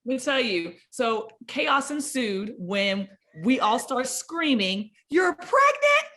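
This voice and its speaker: A woman with a high, bright voice that swoops up and down, talking in a slow, drawn-out way. She co-hosts a casual podcast chat, excitable and laughing often. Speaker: podcast co-host.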